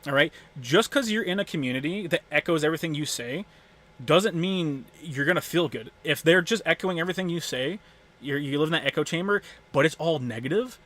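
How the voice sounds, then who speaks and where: A man's voice: on the high side, lively intonation, fairly quick, a bit bright. A man streaming live and ranting to his chat, heated and full of profanity, often stumbling over restarts as he gets worked up. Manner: stammering restarts when worked up. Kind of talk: casual livestream rant to chat.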